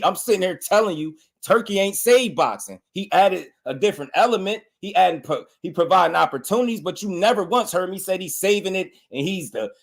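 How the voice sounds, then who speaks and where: A man, hosting a boxing stream and bluntly scolding his chat in slangy, repetitive talk. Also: sits high. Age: 30s. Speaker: boxing podcast host. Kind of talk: live-stream commentary, addressing chat.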